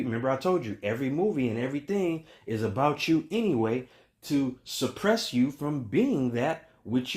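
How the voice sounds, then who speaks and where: Emphatic man preaching in repeated refrains. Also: mid-range voice. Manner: emphatic, rhythmic repetition, swings from loud to hushed. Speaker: spiritual teacher. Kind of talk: preaching monologue.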